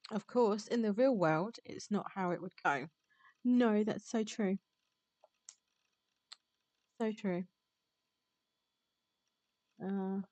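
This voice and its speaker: A woman VTuber reading a visual novel aloud on stream, chatty and quick to laugh. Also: mid-range voice, warm tone, no echo. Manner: chatty, reads game text aloud, laughs often. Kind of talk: live-streamed visual novel read-along.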